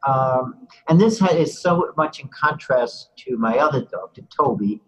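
A man's voice: mid-range voice, animated, unhurried, breathy edge, rough recording. Older man telling a rambling story. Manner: rambling, full of "you know" asides. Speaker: interviewee. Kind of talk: casual storytelling.

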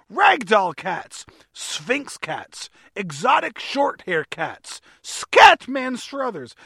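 Hammy cat-show ad announcer with a mock accent, bright and gravelly, put on by a man. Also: very high voice, no echo, clean studio sound, exaggerated voice. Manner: mock accent, over-the-top hype.

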